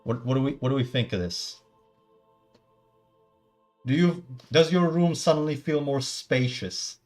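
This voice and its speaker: A man's voice: medium pitch, measured pace, darkish tone, faint music behind. A man chatting casually at the start of a live stream, rambling with many stumbling restarts and playful mock-formal asides.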